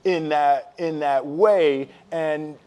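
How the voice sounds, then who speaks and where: High-voiced animated male storyteller. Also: clear, resonant tone. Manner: animated, humorous storyteller who acts out scenes; reflective, halting with fillers when serious. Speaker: interview guest. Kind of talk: candid storytelling in a sit-down interview.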